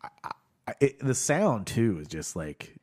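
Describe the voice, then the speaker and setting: A man co-hosting a comedy podcast who talks slowly and haltingly, then drops a dry joke. His voice sits at a middle pitch for a man. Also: sing-song, darkish tone. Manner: hesitant, halting, dry asides. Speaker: podcast co-host and improv comedian. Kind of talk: casual comedic banter.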